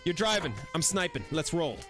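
A man's voice: a little high, lively intonation, moderate pace, over music. A man live-streaming a VR shooter, bantering with his chat in a crude, playful way. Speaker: game streamer.

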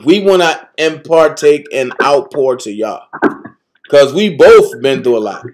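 Stream host, man, somewhat high voice, easygoing slangy delivery, faint noise behind. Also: animated, unhurried. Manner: laid-back, slangy street talk. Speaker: host of a live talk stream. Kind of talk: casual live-stream chat.

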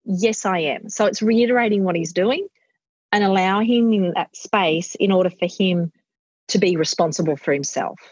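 A woman's voice: medium pitch, normal speed, darkish tone, husky, no room sound. A middle-aged woman being interviewed in casual chat, animatedly acting out what she tells her kids. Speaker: guest. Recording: muffled dry audio.

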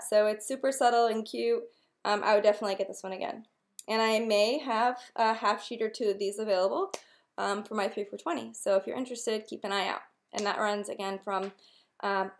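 A woman's voice: fairly high pitch, slight background noise. A young woman talking casually to camera as a nail wrap consultant, chatty and upbeat, with lots of filler ums. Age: young adult. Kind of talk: casual direct-to-camera vlog.

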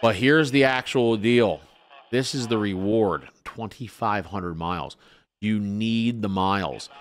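A man's voice: lowish voice, slow pace. A man hosting a casual gaming livestream, talking in a laid-back folksy trucker way and greeting his chatters. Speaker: livestream host.

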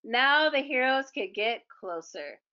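A woman reading a children's book aloud in a gentle, expressive storytelling manner. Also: sits high, measured pace, lo-fi sound.

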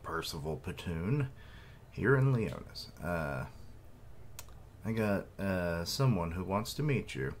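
Deep-voiced man reacting to a comic live. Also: expressive, slow pace, a little hiss or hum. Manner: hesitant, with fillers and asides. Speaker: manga reaction streamer. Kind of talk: casual live reading and commentary.

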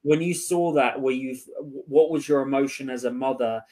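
A man's voice: medium pitch, normal speed, darkish tone. A man hosting a podcast interview, agreeing readily and leaning on "you know" fillers. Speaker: podcast host.

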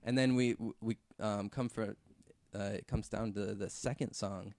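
A man's voice: lowish voice, normal speed, dry recording. A man, a visual effects artist, telling a story in a casual podcast chat, full of fillers and swearing. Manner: relaxed, filler-heavy, swears freely.

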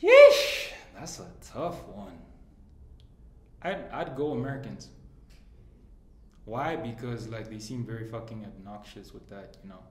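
A man talks through a casual group chat with a lively, swinging pitch, sharing blunt opinions and swearing as he goes. His voice echoes around the room. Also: unhurried, long pauses. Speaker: podcast guest.

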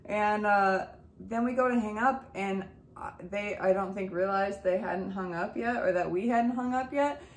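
A woman's voice: medium pitch, normal speed, slight background noise. Mother retelling her story in an echoey room. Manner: emotional, animated retelling with quoted dialogue. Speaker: mother telling the family's story. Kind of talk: casual storytelling to camera.

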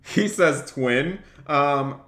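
Man, game streamer, upbeat, mock police commands, crisp bright tone, roomy echo, keyboard clicks. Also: a little high, very slow. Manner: upbeat, thanks donors, barks mock police orders. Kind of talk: live game stream commentary with police role-play. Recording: echoey room, faint noise.

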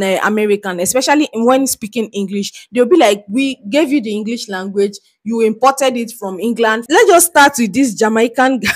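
A Nigerian woman hosting her own channel, chatting casually with frequent restarts and giggles. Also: on the high side. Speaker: reaction vlogger. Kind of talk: casual reaction commentary.

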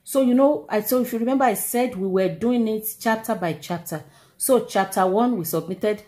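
Mellow-voiced Nigerian woman telling a story. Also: on the high side, normal speed. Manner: animated, exclamatory, repeats herself for emphasis. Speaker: vlogger. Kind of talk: casual storytelling to camera.

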